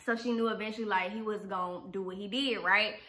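A young woman vlogger telling a storytime tale in animated, slangy, profane talk. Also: medium pitch, fast, slight background noise. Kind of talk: storytime vlog.

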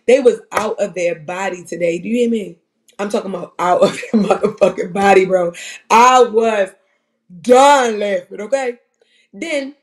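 Brief: gravelly-voiced streamer, profane and rambling, animated storyteller, mid pitch. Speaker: livestream commentator. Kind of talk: casual profane commentary.

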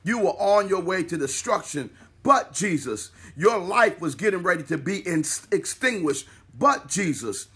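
A man's voice: sits high, expressive, a little slow, sharp tone, slightly rough. A male pastor preaching a sermon, building repeated refrains and calling on listeners to speak along.

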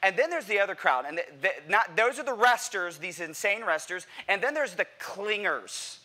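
A man preaching a sermon to a church congregation, animated and playful, asking the crowd questions and acting out what people say. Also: high-pitched, normal speed. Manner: animated, playful, acts out quotes; addresses congregation directly with questions. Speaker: pastor. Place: church sanctuary.

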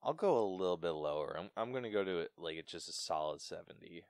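A man with a lowish voice talks through a movie in a casual podcast chat, his pitch swinging widely as he gets worked up. He laughs often and acts out quoted lines. The sound is close and dry, with no room around it. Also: expressive, fast talker, a little mellow, no echo. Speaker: podcast co-host.

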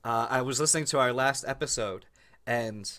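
A man co-hosting a podcast in casual chat, animated and laughing often. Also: mid-range voice, normal speed. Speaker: podcast co-host.

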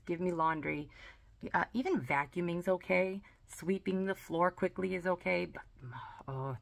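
A woman's voice: on the low side, vocal fry. A woman chatting casually through a sticker haul unboxing, gushing and talkative, with frequent "like" and "oh". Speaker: planner and sticker vlogger.

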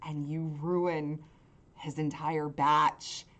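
A woman's voice: sits low, level tone, drawn-out words, a bit bright. Woman game master for a tabletop game, loose and rambling. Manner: rambling, filler-heavy.

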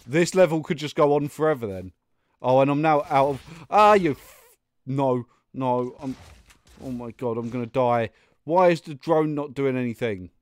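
A man's voice: medium pitch, moderate pace, darkish tone, no echo. A young man commentating his own gameplay, muttering and getting exasperated, with sudden outbursts and laughs. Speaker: gaming YouTuber. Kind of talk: let's play commentary.

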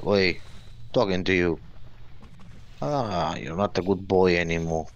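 A man's voice: low-pitched, unhurried, long pauses, highs cut off. A man giving casual, jokey gameplay commentary and talking back to the characters on screen. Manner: jokey, talks to game characters. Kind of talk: casual let's-play commentary.

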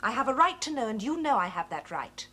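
An actress playing a cool, self-possessed young college-educated daughter who speaks crisply and precisely, in a period film drama. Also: female voice, on the high side, big pitch swings, fast, sharp tone, exaggerated voice. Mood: cold. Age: young adult.

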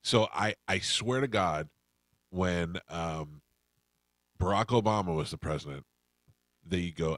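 A man's voice: low voice, a little slow, pauses often, fairly bright tone, dry recording. A middle-aged man hosting a radio show, telling rambling anecdotes and acting out the people in them. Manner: rambling anecdotes, acts out quoted voices. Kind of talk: casual storytelling chat.

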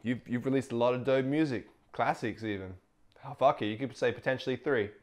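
A man's voice: medium pitch, brisk. A young Australian man co-hosting a music review, talking casually and profanely with a lot of hype. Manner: animated, profane, rises to a shout when hyped. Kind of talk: casual reaction chat.

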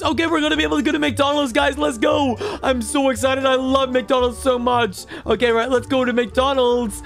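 A man voicing an excitable, cheeky baby boy in game commentary, squealing and talking straight to viewers. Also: extremely high pitch. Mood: excited. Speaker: gaming YouTuber.

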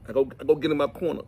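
A middle-aged man, chatting and telling folksy, animated stories to the camera outdoors while cleaning fish. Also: fairly high pitch. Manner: folksy, animated, preachy asides. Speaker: vlog host. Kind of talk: casual storytelling chat.

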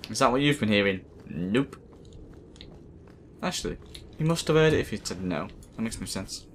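A man's voice: on the low side, lively intonation, normal speed, a bit bright, a little hiss or hum. A man giving casual let's play commentary over a game, sarcastic and mumbling, with swearing. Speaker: gaming video host.

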